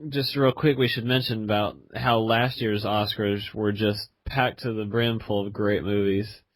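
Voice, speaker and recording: A man's voice: lowish voice, fairly even intonation, measured pace, no room sound. A man co-hosting a podcast in casual chat, rambling with lots of fillers. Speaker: podcast co-host.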